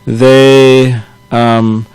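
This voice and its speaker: Casting note: a man leading a scripture class at mid pitch, easygoing and halting, chuckling as he retells a story. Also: level tone, a little mellow, smooth, no room sound, soft background music, poor audio. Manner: loose, halting retelling with chuckles and self-corrections. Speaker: temple class speaker.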